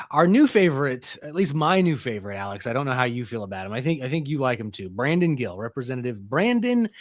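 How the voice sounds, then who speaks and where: A male talk-show host with a lively, up-and-down delivery, laughing and mocking as he banters. His voice sounds dry and close. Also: medium pitch, quick pace, dry recording.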